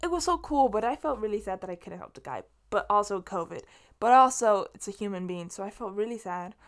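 A woman's voice: medium pitch, animated, a little fast. Rambling, swearing young woman from LA. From Los Angeles. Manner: rambling, chatty, swears freely, many restarts. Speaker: podcast host. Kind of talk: casual solo monologue.

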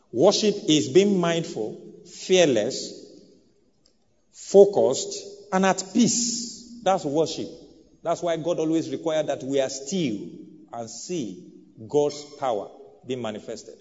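A man's voice: animated, takes it slowly. A man, a pastor preaching a sermon to a congregation in a church hall, with big swings in volume and emphasis. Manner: preaching with bold swings of pitch and loudness. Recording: dull sound with long hall reverb.

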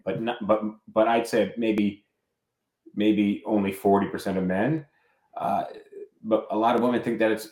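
A man's voice: lowish voice, a little mellow. A man co-hosting a casual podcast chat, talking hesitantly with many restarts and fillers. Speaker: podcast co-host. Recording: roomy echo.

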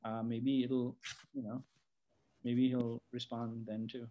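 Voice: mid-range voice, flat delivery, takes it slowly, narrow, tinny audio. A vlogger in casual chat who rambles, restarts often, laughs while talking and acts out the people in the stories. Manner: rambling, many restarts and acted-out quotes.

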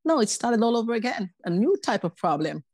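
Guest: woman, low gravelly voice, lively storyteller who mimics others, dry close sound. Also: fairly quick, dry recording. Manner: animated, acts out quoted voices. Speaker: podcast guest. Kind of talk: casual personal storytelling.

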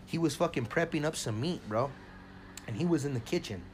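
A man's voice: on the high side, brisk. A man co-hosting a podcast, telling a story in casual, profane chat and calling everyone bro. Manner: profane, says bro constantly; excited, loud storytelling. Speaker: podcast co-host. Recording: faint background noise.

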